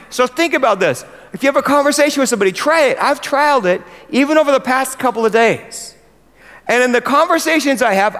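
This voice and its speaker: A high-pitched American man preaches to fellow church leaders in an earnest, emphatic way, often putting questions to the room. His voice rings out with a long echo through a large hall. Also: a bit bright. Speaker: pastor addressing church leaders. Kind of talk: sermon.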